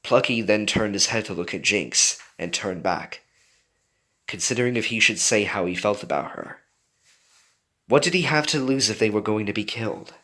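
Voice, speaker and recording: Low voiced guy reading a story out loud, lots of ups and downs. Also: normal speed. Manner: animated narration with character voices. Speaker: story reader. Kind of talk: reading a fan story aloud.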